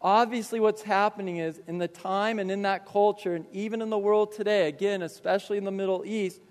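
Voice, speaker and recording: A man's voice: high-pitched, brisk, in a large hall. A man preaching a sermon as pastor, telling personal stories and acting out the dialogue with animation. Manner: storytelling, animated retelling with quoted dialogue.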